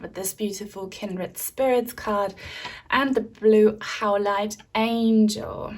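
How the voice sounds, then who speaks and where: Gentle woman tarot reader, slow and soothing, mid-range pitch, slightly breathless. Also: fairly even intonation. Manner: gentle, soothing, open-hearted delivery. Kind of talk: pick-a-card tarot reading.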